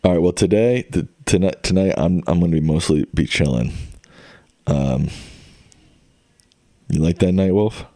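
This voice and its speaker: Chill young dude rambling on stream, very deep mellow voice, dry close sound. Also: male voice, normal speed, pauses often, dry recording. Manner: rambling, laid-back, lots of fillers and restarts. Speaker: livestreamer. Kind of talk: casual chat.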